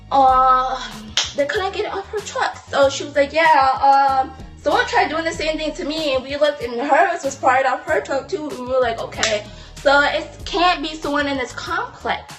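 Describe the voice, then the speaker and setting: A teenage girl telling a storytime vlog in a chatty, animated way, with indignant asides. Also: high-pitched. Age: teens. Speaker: vlogger.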